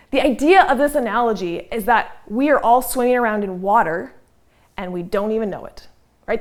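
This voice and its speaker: A woman coaching listeners in a motivational talk. She speaks conversationally, checks in often with "okay?" and "right?", and voices her listeners' doubts back at them. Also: fairly high pitch. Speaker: weight-loss coach.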